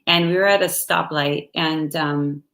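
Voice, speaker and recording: A woman guest telling her personal story slowly and softly, with halting pauses. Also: deep voice, fairly even intonation. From United States. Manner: slow, soft-spoken and halting. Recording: echoey room.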